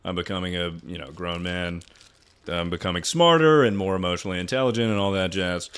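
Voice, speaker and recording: A man's voice: sits low, brisk, a bit bright, clear, resonant tone. A man in his twenties streaming, ranting casually and profanely as he ranks things. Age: 20s. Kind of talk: casual livestream commentary.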